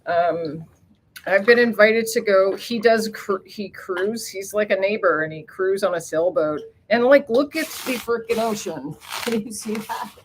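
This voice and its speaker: A woman's voice: medium pitch, a little slow, a little hiss or hum, rough recording. A woman with a mid-range voice chats loosely on a live stream, rambling from one thing to the next. She laughs often and swears lightly. She talks into a handheld phone outdoors by the sea. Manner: chatty and rambling, mild swearing, frequent laughs. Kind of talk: rambling casual live chat. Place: outdoors near the ocean.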